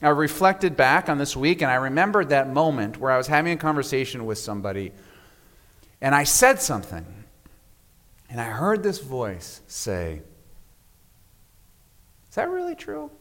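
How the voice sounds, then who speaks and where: A man preaching a sermon as pastor, measured and reflective, often letting his voice fall to a soft hush at the end of a phrase. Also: medium pitch, expressive. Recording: long reverb of a large hall.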